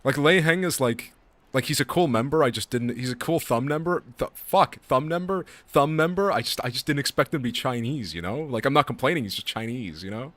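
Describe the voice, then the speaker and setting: A male streamer chatting casually, excitable and swearing, laughing often and tripping over his words. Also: medium pitch, quick pace, dry recording. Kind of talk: casual chat on a live stream.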